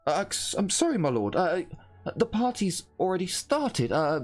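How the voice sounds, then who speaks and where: A man's voice: sits high, big pitch swings, moderate pace, faint music behind, voice pushed up. A man voicing a flustered young female door attendant who talks in a hesitant, apologetic way.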